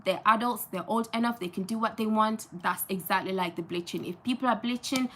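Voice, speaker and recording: A woman's voice: medium pitch, a little fast, fairly bright tone, slight background noise. A young woman from Gambia chatting on a live stream, emphatic and chatty, often repeating phrases for stress. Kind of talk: casual live-stream chat.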